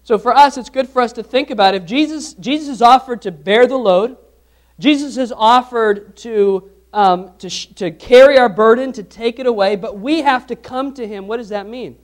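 Guy preaching, kinda high voice, asks the crowd stuff and repeats lines a lot. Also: moderate pace. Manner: asks the congregation questions, repeats phrases for emphasis. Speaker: pastor. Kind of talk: sermon.

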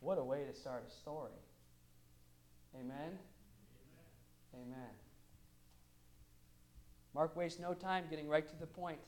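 A male pastor preaching a sermon, moving between quiet asides and loud, emphatic bursts. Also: fairly high pitch, steady tone, unhurried, pauses often.

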